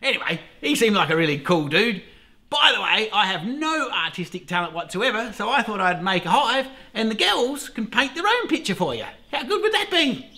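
A man's voice: high voice, very animated, moderate pace, sharp tone. A middle-aged Australian man hosting a casual beekeeping vlog, rambling along, swearing freely and laughing often. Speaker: beekeeper host.

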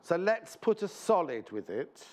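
A man's voice: high-pitched, very animated, measured pace. A man presenting a live shopping show in a TV studio, chatting in rambling anecdotes and speaking fondly to viewers.

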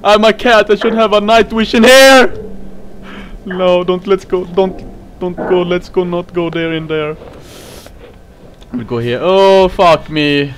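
A man's voice: sits high, fairly even intonation, takes it slowly, fairly bright tone, slight background noise, poor audio. A young man commentating a horror game playthrough, jumpy and swearing, with yelps and nervous laughter. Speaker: gamer.

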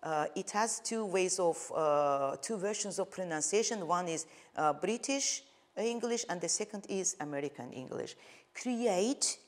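Slow, deliberate woman teaching English. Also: on the low side, animated. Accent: Azerbaijani. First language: Azerbaijani. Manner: slow, deliberate, spells out suffixes, frequent "uh" pauses. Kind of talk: televised classroom lesson.

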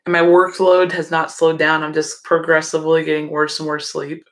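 A woman's voice: low-pitched, level tone, moderate pace. Sleepy woman chatting on a livestream. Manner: sleepy, yawning, chatty with viewers. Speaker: livestream host. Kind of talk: casual livestream chat.

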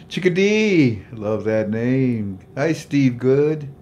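Lo-fi sound and slight background noise accompany this older man's medium-pitched, darkish voice. Hosting a faith-based livestream, he greets viewers by name with jovial chatter, laughs at his own jokes and leads a prayer.

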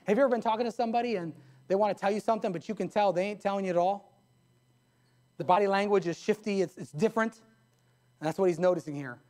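A pastor preaches from the pulpit of his church, his voice sitting high for a man. He tells stories in a folksy, down-home way, with plain colloquial grammar. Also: fast, a little mellow. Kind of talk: sermon. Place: church sanctuary.

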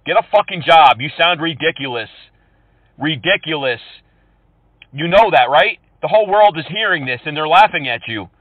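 A man taunting scammers over the phone, swinging between sugary fake politeness and loud insults. His voice sits slightly high for a man. It is recorded dry and sounds thin and phone-like. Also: lively intonation, normal speed, dry recording. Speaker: scam-baiting prank caller. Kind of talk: prank phone calls. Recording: tinny phone-call audio.

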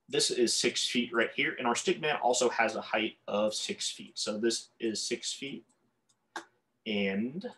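A man's voice: medium pitch, a bit bright. A man teaching a calculus lesson while drawing on a board, often stumbling over words and correcting himself. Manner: tongue-tied, self-correcting, apologetic asides. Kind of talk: whiteboard math lesson.

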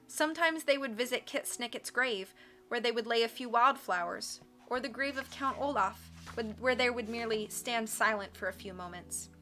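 On a live stream, a woman reads a book aloud with expressive narration, tossing in casual asides to her chat. Her voice is a little high, her pace normal, and soft music plays in the background.

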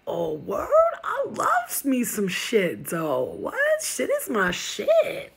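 A woman voicing a nosy, cocky fly that talks loudly in street slang. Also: mid-range voice, wildly swooping pitch, takes it slowly, vocal fry, slightly rough, exaggerated voice. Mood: brash. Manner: loud, brash street slang. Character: nosy loud fly who loves filth, brash and cocky.

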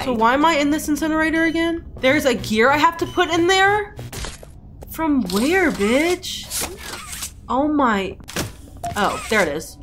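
Young female gaming streamer, jumpy and foul-mouthed; slow-ish delivery that breaks into shrieks. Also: sits high, lively intonation, a bit bright. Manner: jumpy, swears a lot, shrieks in fright. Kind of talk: live gameplay commentary. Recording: game music playing behind.

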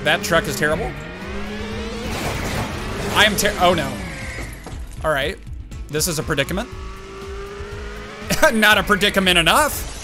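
A man in his let's-play commentary, reacting with excitable outbursts and talking back at the game as he plays. His voice sits fairly high and swings up and down a lot. Game music plays clearly underneath him. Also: unhurried, long pauses. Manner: excitable, talks to the game and himself, jumpy outbursts. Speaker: gaming YouTuber.

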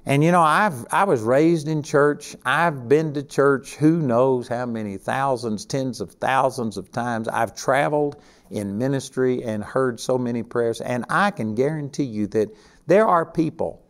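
A man's voice: medium pitch, unhurried. An older man from Texas with a Texan accent, teaching a sermon in a folksy, conversational way with emphatic stresses. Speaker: Bible teacher.

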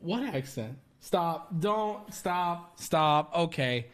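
A man hosting a stream in casual chat, blunt and profane, giggly and high. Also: lively intonation, drawn-out words, fairly bright tone, a little hiss or hum. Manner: profane, blunt, laughs often. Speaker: streamer host.

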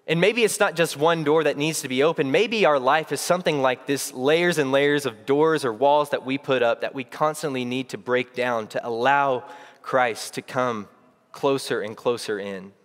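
Earnest young preacher in a reverberant hall. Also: male voice, medium pitch, moderate pace, fairly bright tone. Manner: earnest, reflective, with frequent restarts. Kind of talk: sermon. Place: church sanctuary. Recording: long reverb of a church hall.

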